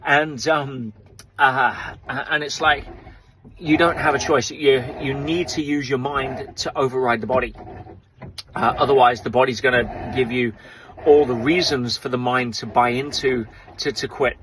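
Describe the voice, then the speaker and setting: A man on a small rowing boat out at sea, recording a reflective, motivational video diary in a halting, thoughtful way with many fillers. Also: mid-range voice, fairly even intonation, noisy background. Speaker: ocean rower sending a video update.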